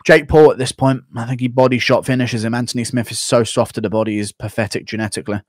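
Brief: young male streamer, blunt, rambling, dry close mic, mid-pitched. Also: steady tone, a little fast, no room sound. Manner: blunt, rambling, reads donations. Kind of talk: casual live-stream chat.

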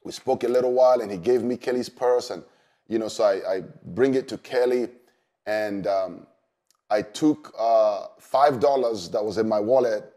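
A man, a pastor, telling a personal story in an earnest, unhurried way with many fillers. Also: on the low side, dark tone. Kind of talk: storytelling testimony.

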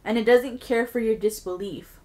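A woman's voice: a little high, normal speed, a little mellow, close to an everyday voice. A woman reading the lines of a stern female village ritual leader with a grave, warning tone. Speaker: podcast host.

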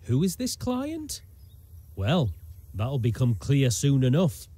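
A man's voice: mid-range voice, huge pitch swings, slow pace, mellow, no room sound, full character voice. A man giving scripted, wry and teasing narration for a game.

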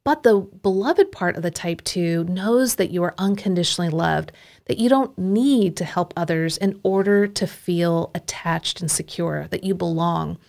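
A woman podcast host and coach, explaining ideas in a clear, teacherly way and listing traits one by one. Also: on the low side, moderate pace, a little mellow.

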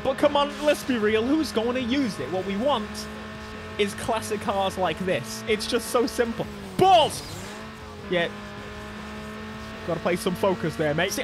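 An excitable man talking through his racing game playthrough, his voice high and bouncing all over. He jokes and laughs often, reacting loudly to the game. Game music plays underneath. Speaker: gaming YouTuber. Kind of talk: let's play commentary.

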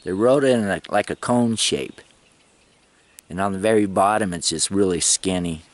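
A middle-aged man talks through a casual travel vlog in a low voice. He rambles from one story to the next and chuckles as he goes. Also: moderate pace. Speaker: travel vlogger.

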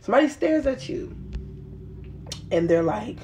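A woman's voice: lowish voice, very animated, moderate pace, pauses often, a little mellow. A woman giving a casual tarot reading, chatty and rambling, talking straight to her viewers in an informal, slangy way. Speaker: tarot reader.

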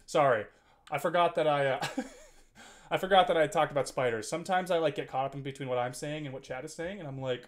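A man's voice: a little high, animated, a little fast. A man in his twenties chatting casually on a live stream, rambling and teasing his chat with frequent laughs and filler words. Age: 20s.

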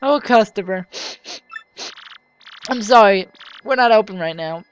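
A woman's voice: medium pitch, expressive, measured pace, highs cut off, slight background noise, voice pushed down, close to an everyday voice. A woman reading aloud the lines of a worried village shopkeeper wife in a game, in a plain voice close to her own. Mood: distraught.

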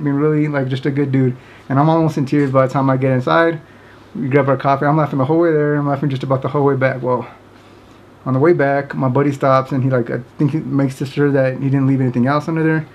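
A man's voice: mid-range voice, darkish tone, lo-fi sound. A man casually telling a funny story to camera, rambling with many fillers and often breaking into laughter. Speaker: vlogger.

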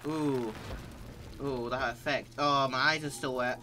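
A man's voice: medium pitch, steady tone, normal speed, bright, forceful tone, a little hiss or hum. A teenage male gaming host commenting nervously while he plays, panicky and jittery, with frequent nervous laughter. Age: teens.

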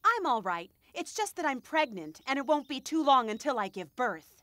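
A gentle pregnant cartoon elephant. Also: female voice, sits high, very animated, normal speed, no room sound. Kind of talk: animated cartoon dub.

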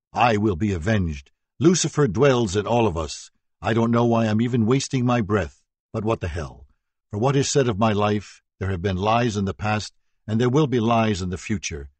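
A man voicing a defiant convicted killer reading an angry statement to a court in a booming voice. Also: darkish tone, husky, dry recording.

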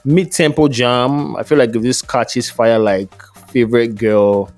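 A man's voice: medium pitch, fairly even intonation, measured pace, a little mellow, no room sound, faint music behind. Laid-back man reading out nominee lists. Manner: reads lists of nominees, laughs often. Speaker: podcast co-host. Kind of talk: casual podcast chat.

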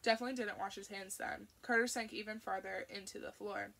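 Woman reading an audiobook with vocal fry. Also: medium pitch, fairly even intonation, brisk, fairly bright tone, a little hiss or hum. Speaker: audiobook narrator.

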